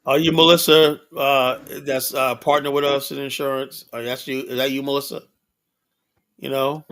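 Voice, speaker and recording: A man's voice: medium pitch, level tone, normal speed, fairly bright tone. A man hosting a livestream show, talking bluntly and casually in a rambling monologue, often adding "you know.".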